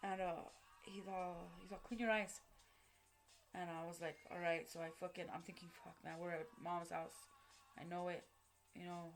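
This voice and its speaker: A woman's voice: lowish voice, level tone, faint music behind. Blunt, profane woman telling her story. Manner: blunt, heavily profane, halting with many restarts. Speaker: vlogger recounting a personal story. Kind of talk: unscripted personal storytelling.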